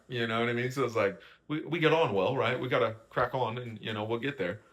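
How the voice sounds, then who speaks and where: A young man talks through a reality-show recap in a loose, opinionated way. His tone is bright and forceful, and he keeps checking in with the listener. His pitch sits in a typical middle range for a man. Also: quick pace, few pauses. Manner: chatty, keeps asking "right?" and "you know what I mean?", acts out quoted lines. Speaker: host.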